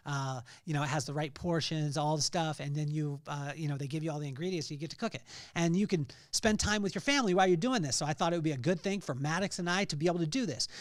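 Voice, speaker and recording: Middle-aged male podcast host, earnest storyteller, slightly raised pitch, dry room. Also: no echo. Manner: earnest storytelling, rising to loud emphasis. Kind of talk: faith-based motivational talk.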